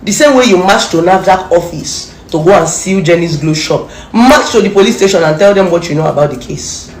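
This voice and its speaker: A woman's voice: fairly low pitch, animated, a little fast, darkish tone, roomy sound, slight background noise. A Nigerian woman delivering a confrontational, scolding rant straight at someone, repeating her insults for emphasis. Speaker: social media commentator. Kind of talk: angry direct-to-camera rant.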